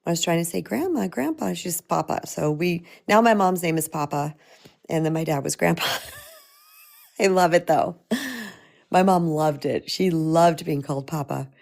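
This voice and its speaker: A woman's voice: low-pitched, unhurried, creaky, darkish tone. A middle-aged woman, a spiritual empowerment coach, speaking in a heartfelt, personal way to viewers of a live-streamed talk, with frequent restarts.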